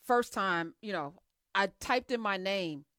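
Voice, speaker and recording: A woman's voice: medium pitch, lively intonation, unhurried, pushed and bright, dry recording, studio quality. A woman hosting a talk show, chatty and teasing, firing questions at her guests. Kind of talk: casual talk-show interview.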